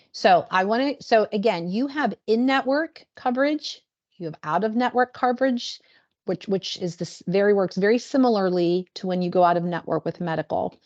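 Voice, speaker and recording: A woman presenting insurance benefits on a video call in a chatty, animated way, acting out the questions people ask. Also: medium pitch, highs cut off.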